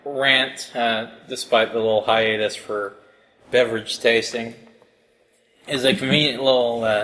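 A man co-hosting a casual podcast at an ordinary middle pitch. He talks in a dry, sarcastic way and rambles through his points with plenty of fillers. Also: fairly even intonation, unhurried, a bit bright, poor audio. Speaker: podcast co-host.

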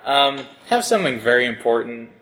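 A man's voice: mid-range voice, sing-song, a little fast, a bit bright, poor audio. A man co-hosting a casual podcast, talking in a sarcastic, rambling way with lots of filler words. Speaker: podcast co-host.

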